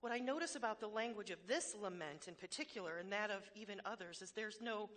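A woman's voice: mid-range voice, animated, moderate pace, hardly any pauses, a bit bright. Woman preacher giving a sermon, frank and emphatic, jokes at her own expense. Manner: candid, self-deprecating humor with emphatic repetitions. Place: church hall before a congregation.

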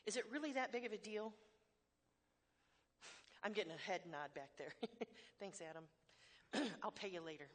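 A woman's voice: lowish voice, moderate pace, long pauses, fairly bright tone. Woman preacher, candid sermon delivery, emphatic repetitions, self-deprecating humor. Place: church hall before a congregation.

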